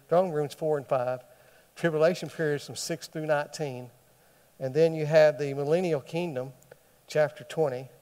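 A man's voice: on the high side, a little mellow. A man teaching a Bible study sermon who keeps asking the listeners questions and then answers them himself. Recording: long hall reverb.

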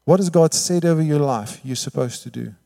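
A man preaching a sermon, telling the story lively, acting out the quotes and often asking "all right?". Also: on the high side, fairly quick, creaky. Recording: long hall reverb.

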